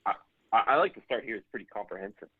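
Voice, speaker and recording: A deep, husky-voiced man, calling in as a guest accountant. He is hesitant and matter-of-fact and often repeats himself. He comes through a tinny phone line. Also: animated, racing, dry recording. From Canada. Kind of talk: guest on a podcast call.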